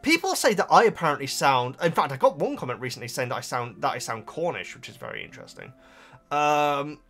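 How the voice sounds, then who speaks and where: Young man with a slight Bristolian accent, a lively voice that bounces around, rambly chat to the viewers. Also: fairly high pitch, a little fast, faint music behind. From Oxfordshire, England. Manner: chatty, rambling, often laughing, addresses the viewers as guys. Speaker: book vlogger. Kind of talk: casual chat.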